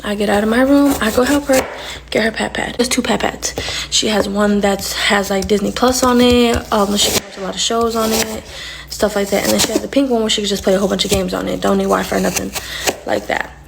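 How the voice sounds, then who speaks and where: A woman's voice: mid-range voice, steady tone, a little fast, gravelly, background noise. A young woman telling casual storytime stories about her little sister, acting out the lines in her story as she goes.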